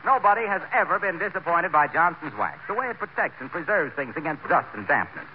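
A hearty radio announcer. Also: male voice, a little high, big pitch swings, a little fast, highs cut off. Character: jovial announcer who praises the sponsor. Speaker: show announcer. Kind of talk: 1940s radio comedy acting. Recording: old radio recording with hiss.

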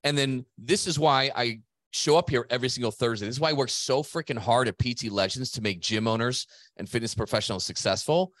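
A man's voice: mid-range voice, fairly quick, fairly bright tone, no room sound. Middle-aged guy on a gym business podcast, pumped-up and preachy, swears a bit, dry close mic. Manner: emphatic, motivational, swears casually. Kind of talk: casual business podcast talk.

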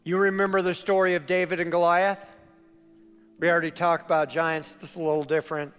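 A male pastor preaching a sermon, telling a story with animated shifts between loud and quiet. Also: a little high, a little fast, smooth. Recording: long hall reverb, faint music.

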